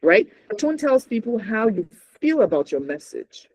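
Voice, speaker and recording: A man's voice: sits high, very animated, moderate pace, darkish tone, dull audio. A man with a Nigerian accent teaching a communication workshop, emphatic and checking in with the audience often. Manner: emphatic, checks in with frequent "right?". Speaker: communication trainer.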